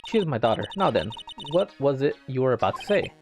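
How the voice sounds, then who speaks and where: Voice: mid-range voice, big pitch swings, quick pace. Stiff formal older woman medium, read by a game player, cold manner, game music underneath. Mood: stern. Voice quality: stiff, overly formal phrasing. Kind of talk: reading game dialogue aloud.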